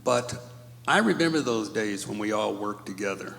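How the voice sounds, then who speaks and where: An older man telling a personal story on stage, emotional and choked up, speaking slowly and haltingly. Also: fairly low pitch, lively intonation, creaky, fairly bright tone. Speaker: panelist at a live storytelling event. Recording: reverberant hall.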